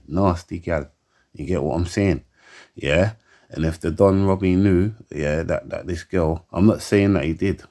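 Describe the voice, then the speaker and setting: Low-voiced man ranting heatedly. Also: warm tone. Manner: heated and emphatic, keeps asking for agreement; stammers and repeats words. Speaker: commentator. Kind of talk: opinion rant to camera.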